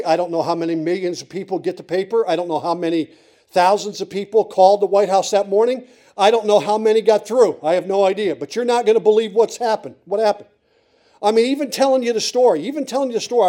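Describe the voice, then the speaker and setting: A man's voice: sits high, dark tone. A middle-aged man from Pennsylvania preaching a sermon, telling a funny personal story and teasing the congregation with repeated suspenseful lines. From Pennsylvania, USA.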